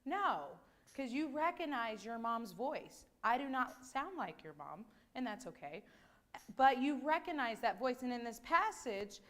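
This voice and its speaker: A woman gives a children's sermon in a church. Her voice sits a little high, and her delivery is gentle and conversational. She asks the children simple questions and draws them in. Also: very animated, measured pace. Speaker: children's message leader. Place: church sanctuary.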